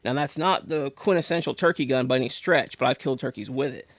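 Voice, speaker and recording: Podcast guest, male, from Pennsylvania, gravelly, chatty storyteller, dry sound. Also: medium pitch, fast talker, no echo. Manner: rambling, animated storyteller with many restarts. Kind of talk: casual storytelling.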